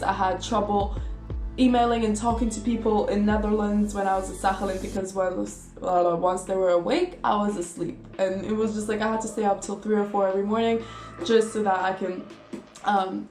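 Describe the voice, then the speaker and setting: A woman's voice: medium pitch, darkish tone. An eighteen-year-old woman from Russia chatting casually to camera as a vlogger, rambling along with lots of "like" and "you know". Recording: echoey room with music behind.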